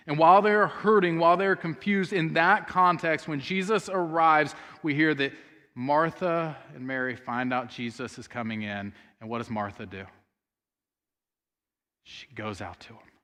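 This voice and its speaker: Bright-voiced pastor preaching in a reverberant sanctuary. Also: male voice, on the high side, steady tone, a little slow. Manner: earnest storytelling, voices the sisters' words aloud. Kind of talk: sermon. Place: church sanctuary. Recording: long hall reverb.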